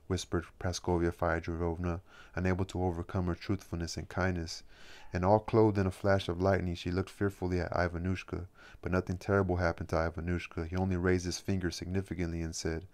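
A man reading a novel aloud in a plain, unhurried way, then musing about the chapter. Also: deep voice, level tone, darkish tone. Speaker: audiobook reader.

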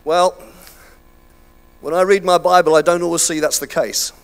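A man's voice: on the high side, fairly even intonation, normal speed. Chatty older man preaching. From United Kingdom. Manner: chatty, self-deprecating, with many fillers and restarts. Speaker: pastor. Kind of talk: sermon. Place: church hall.

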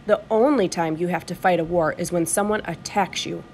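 A woman reading the part of a stern, weary old grandfather who lectures slowly and gravely. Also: fairly low pitch, a little mellow, a little hiss or hum, close to an everyday voice. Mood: firm.

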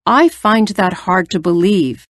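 A woman's voice: fairly low pitch, expressive, slow pace, no echo, clean studio sound. A woman doing a proud storybook lion king.

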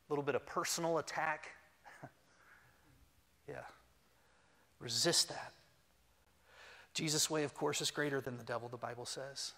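A pastor delivering a sermon, animated and humorous, leading his congregation to speak along. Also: a little high. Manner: animated, humorous, leads the congregation in call-and-response. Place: church sanctuary. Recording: long reverb in a church hall.

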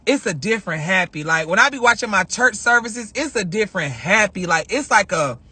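A man chatting casually on a livestream, emphatic and animated, repeating phrases for effect as he tells a spiritual story. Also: high voice, moderate pace, breathy edge, dry recording. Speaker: vlogger.

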